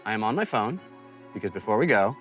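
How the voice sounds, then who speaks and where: A man hosts a tabletop game stream, closing out the episode with laughter and rambling thanks. His pitch moves in a lively way and he trips over his words, while faint music plays behind him. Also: quick pace. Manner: animated, laughing, full of fillers. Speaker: game master and host. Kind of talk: tabletop game show wrap-up.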